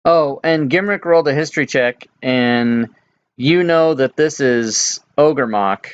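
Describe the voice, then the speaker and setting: A man running a tabletop game as dungeon master, explaining slowly with frequent hesitations. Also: mid-range voice, clear, resonant tone, highs cut off. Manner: unhurried, hesitant with many ums.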